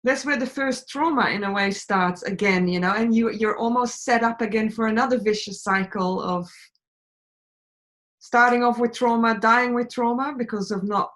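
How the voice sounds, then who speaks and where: A woman filmmaker with a slightly high voice speaks on a discussion panel. She shares her thoughts in an earnest, heartfelt way. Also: moderate pace, fairly bright tone.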